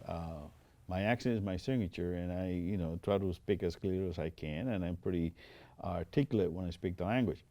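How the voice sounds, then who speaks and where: A man's voice: sits low, moderate pace, dry recording, lo-fi sound. An older man with a Spanish accent and Spanish as his first language, a veteran telling stories in an interview with many restarts. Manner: recounts stories with quoted dialogue, frequent restarts. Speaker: Air Force veteran interviewee. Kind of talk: interview storytelling. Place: interview studio.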